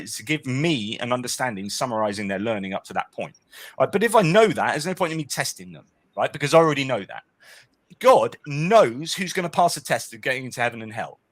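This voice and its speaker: A man argues his case as a guest in a relaxed conversation. His delivery is animated, with a pitch that rises and falls freely, and he keeps checking in with "right?". He speaks at a middling pitch for a man. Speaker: guest author. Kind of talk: casual discussion.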